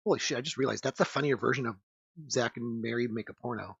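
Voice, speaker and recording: A man's voice: medium pitch, quick pace, gravelly, husky, dry recording. A man on a casual podcast, rambling in crude banter with lots of fillers and swearing. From United States. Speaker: podcast co-host. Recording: dull lo-fi dry sound.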